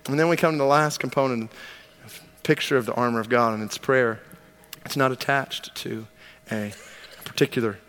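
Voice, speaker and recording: A man's voice: medium pitch, normal speed, pauses often, a bit bright, smooth. A man preaching a sermon, driving his points home with emphatic rhetorical questions and repeated commands. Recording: long hall reverb.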